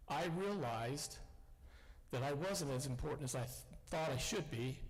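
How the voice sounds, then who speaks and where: A man's voice: medium pitch, animated, normal speed, husky, soft background music. A man, a veteran, telling self-deprecating, folksy stories at an assembly. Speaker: veteran speaker. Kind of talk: storytelling speech. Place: school assembly hall. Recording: long hall reverb.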